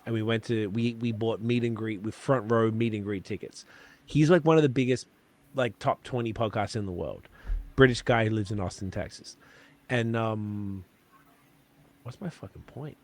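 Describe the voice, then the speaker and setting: A man's voice: fairly low pitch, moderate pace, a little mellow. A man hosting a podcast, chatting casually and rambling with swearing and fillers. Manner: loose and profane, rambling with lots of fillers. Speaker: podcast host.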